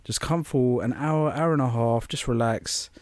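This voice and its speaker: A young man co-hosting a podcast rambles through an anecdote, acting out the voices of people he quotes in casual storytelling chat. His voice is mid-range at a moderate pace, with no room sound.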